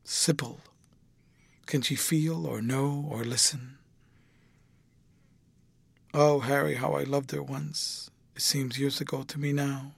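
A man's voice: mid-range voice, flat delivery, takes it slowly, creaky, long pauses, breathy edge, no echo, full character voice. A man reading an audiobook, voicing an anguished, passionate young man with a dramatic, emotional delivery. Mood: brooding.

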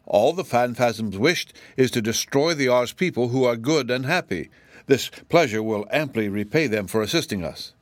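A man's voice: mid-range voice, expressive, moderate pace, no room sound, lightly acted. A man doing a proud boastful gnome general. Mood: dismissive. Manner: proud, assured, sometimes irritable. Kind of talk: audiobook character reading.

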